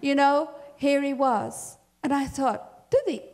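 Older lady telling a family story at church, slow, laughing, chatty. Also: sits high, fairly even intonation, darkish tone. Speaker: church speaker. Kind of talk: personal storytelling at a church service. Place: church hall.

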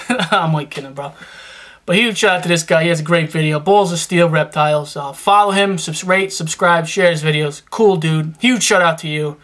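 A man's voice: high-pitched, moderate pace, fairly bright tone. Young New man, rambling and slangy, casual vlogger tone. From New York. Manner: rambling and slangy, full of fillers and restarts. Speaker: reptile-keeping YouTuber giving shout-outs. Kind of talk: casual vlog chat.

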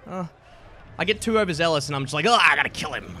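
A young man giving excitable, trash-talking commentary while playing a game, often laughing at his opponents. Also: fairly high pitch, fast, a little hiss or hum. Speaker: gaming YouTuber. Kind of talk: let's play commentary.

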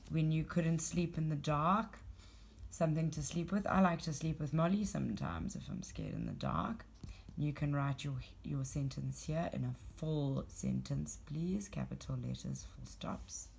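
A woman teacher speaks at an unhurried pace, reading a simple rhyming poem aloud before walking children through the questions. Her voice sits low, and she guides each step with patient, clear explanations.

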